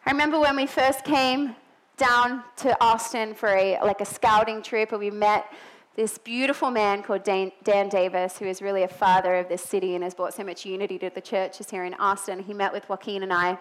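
A woman's voice: medium pitch, little pitch movement, brisk, rough recording. A woman in her thirties preaching a sermon, telling personal stories earnestly with emphatic peaks. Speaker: pastor's wife preaching.

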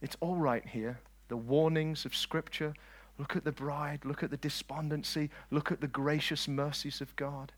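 A man preaching a lively sermon, swinging between loud declarations and quiet asides and joking with his listeners. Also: a little high, moderate pace. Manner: jokes with the audience.

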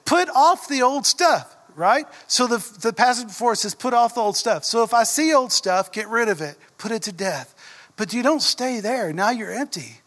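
A man's voice: very high-pitched, lively intonation, normal speed, a bit bright. A middle-aged man with a Southern US drawl preaching a sermon in a church, earnest, often asking the congregation questions. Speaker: pastor. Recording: echoey church hall.

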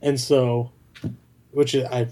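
A man co-hosting a casual faith podcast, speaking slowly and reflectively, often trailing off quietly. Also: mid-range voice, level tone. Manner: slow, reflective, trailing off softly. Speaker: podcast co-host.

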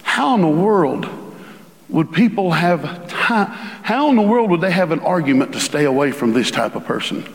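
A man preaching a sermon as a pastor, animated and acting out the voices he quotes. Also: fairly high pitch, normal speed, creaky. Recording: reverberant hall.

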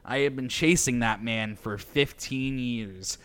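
Brief: man reading as a grave older fighter, weary and deliberate, bright-toned delivery. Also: mid-range voice, clean tone, lightly acted. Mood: solemn. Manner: solemn, slow and deliberate. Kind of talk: reading game dialogue aloud.

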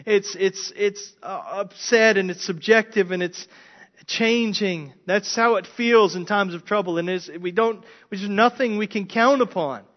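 A man's voice: sits high, unhurried. A pastor preaching a sermon in an earnest way, often repeating words as he builds his points. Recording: dull lo-fi sermon recording.

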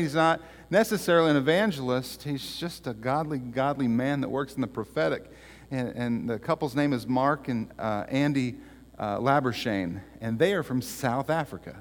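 Man, pastor, halting speech, many fillers, mid-pitched, long church hall reverb. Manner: halting, with many fillers and restarts, growing animated in stories. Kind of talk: church announcements and joke telling. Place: church sanctuary.

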